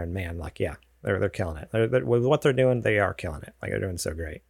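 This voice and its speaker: A man's voice: on the low side, lively intonation, fast talker, gravelly, few pauses, no echo, studio quality. A man co-hosting a casual podcast, hesitant and full of fillers as he talks. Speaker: podcast co-host.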